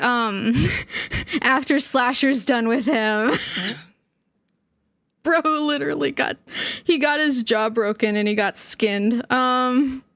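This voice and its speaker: Giggly high-voiced young woman streamer. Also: a bit bright, no room sound. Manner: giggly, laughs often, trails off mid-sentence. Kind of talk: casual livestream chat.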